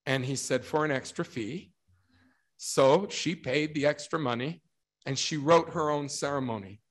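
A middle-aged man delivering a religious talk with a slightly higher voice. He tells stories animatedly and acts out each quote. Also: unhurried. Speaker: speaker.

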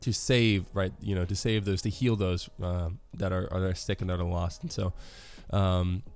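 A man's voice: low voice, steady tone, normal speed, a little mellow, faint music behind. A man giving a casual devotional talk on a worship song, rambling and correcting himself with many fillers.

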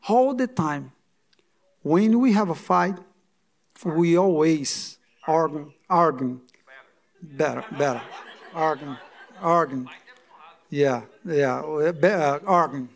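High-voiced man preaching in halting English. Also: gravelly. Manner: halting non-native English with many restarts; repeats words for emphasis. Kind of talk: sermon-style testimony.

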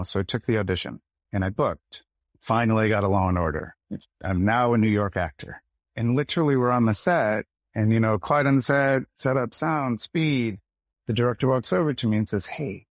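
A man's voice: lowish voice, no room sound, studio quality. A man from Michigan, an actor and podcast guest, telling a story in a casual interview and acting out the quoted lines. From United States, Michigan. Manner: animated, acts out quoted dialogue.

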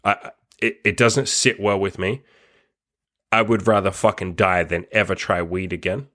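Profane, laughing male storyteller, lowish voice. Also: fairly even intonation, moderate pace, bright, forceful tone. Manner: heavy swearing, laughing between lines; loose, rambling delivery full of "like". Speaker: podcast host. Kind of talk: casual storytelling monologue.

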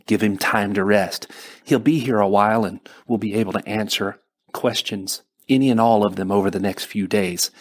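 A man voicing a calm male hospital doctor who speaks accented English and reassures his patient. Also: fairly low pitch, moderate pace, close to an everyday voice. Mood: reassuring. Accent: foreign-accented English. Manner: calm, reassuring bedside manner.

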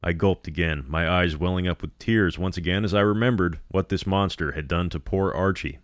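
Close-miked and echo-free, this dry recording captures a man with a very low voice working through a scripted horror narrative in an unhurried, measured manner.

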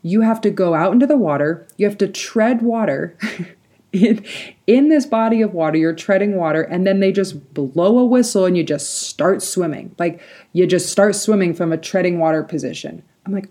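Warm-voiced woman telling a lively story. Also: lowish voice, normal speed. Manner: lively personal storytelling with frequent likes and laughs. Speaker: podcast host. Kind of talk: solo podcast storytelling.

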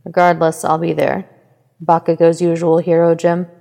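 A woman's voice: fairly low pitch, monotone, moderate pace, vocal fry, mellow, big-room sound. A woman voicing a cheerful young heroine who speaks sweetly and teasingly.

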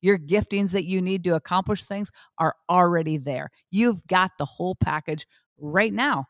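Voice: mid-range voice, normal speed, fairly bright tone, no room sound. An emphatic motivational talker with a mid-range voice who speaks straight to the listeners in a chatty way. The speaker keeps circling back to rhetorical questions, and the recording is close and dry with no room sound. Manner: chatty, addresses listeners directly. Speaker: podcast host. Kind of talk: motivational monologue.

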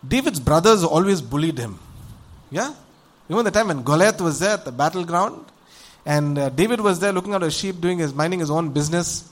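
Slightly high-pitched and brisk, a preacher delivers a sermon by recounting a Bible story in a chatty style. He keeps asking his audience rhetorical questions and brings the story to life with animated, acted character voices.

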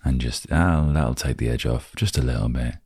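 A man hosting a calm solo podcast, reading aloud and musing in a soft, reflective way that sometimes drops to a near-whisper. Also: very deep voice, normal speed, breathy edge, dry recording, studio quality. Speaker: podcast host.

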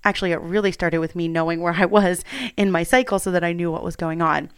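Women in her 30s, candid home storyteller; smooth clear tone, close and dry sound, easygoing chatty delivery. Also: lowish voice, fairly even intonation, quick pace, no echo. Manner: candid, chatty, with many fillers. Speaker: mother sharing a personal story. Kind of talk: casual personal storytelling.

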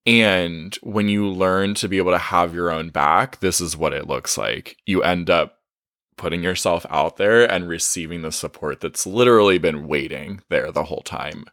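An enthusiastic man hosting a casual podcast, his voice sitting somewhat low. He cheers his guest on and laughs easily. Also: moderate pace, a bit bright. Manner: enthusiastic, affirming, laughs often. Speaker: coach, podcast host.

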